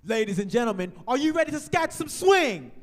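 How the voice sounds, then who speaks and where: High-voiced man leading a scat sing-along. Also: fairly quick. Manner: energetic, calls the audience to join in. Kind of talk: call-and-response scat singing. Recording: loud backing band music.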